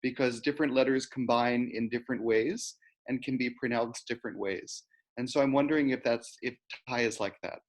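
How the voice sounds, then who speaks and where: A man's voice: mid-range voice, fairly even intonation, fairly quick, poor audio. A man in an online class politely asking a question, with a few hesitant fillers. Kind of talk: question in a video call. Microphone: video call.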